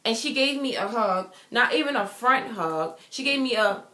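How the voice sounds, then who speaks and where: A woman's voice: fairly high pitch, animated, moderate pace, bright, forceful tone. A young adult woman telling a personal story in a vlog, emphatic and repetitive, acting out what others said. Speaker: vlogger. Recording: roomy echo.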